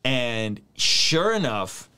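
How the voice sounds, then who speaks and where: A man's voice: mid-range voice, big pitch swings, drawn-out words, sharp tone, clear, resonant tone. A young man giving casual reaction commentary, joking and tossing asides to a friend in the room. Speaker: YouTube commentator.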